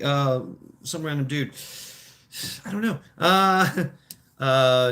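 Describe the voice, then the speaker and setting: A man's voice: mid-range voice, slow pace, long pauses, fairly bright tone. A man chatting on a livestream, wandering from point to point with confident opinions. He stumbles and repeats himself as he goes, dropping casual profanity along the way. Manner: rambling, opinionated, stammering restarts; crude, swears freely. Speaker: livestream host.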